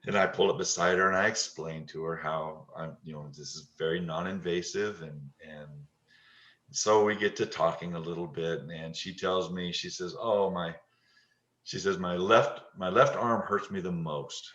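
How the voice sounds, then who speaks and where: A middle-aged man telling a moving story about his work in touch therapy, halting and repeating words, tender and moved. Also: deep voice, a bit bright. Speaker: touch therapy practitioner and teacher. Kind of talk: emotional storytelling interview. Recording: dull, lo-fi and roomy.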